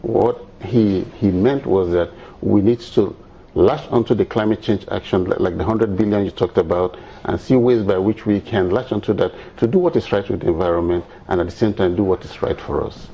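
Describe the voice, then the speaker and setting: A man, explaining climate policy calmly as a guest on a TV panel. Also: on the low side, slightly rough. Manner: measured, explanatory, hesitant fillers. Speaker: studio guest, climate expert. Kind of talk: TV panel discussion.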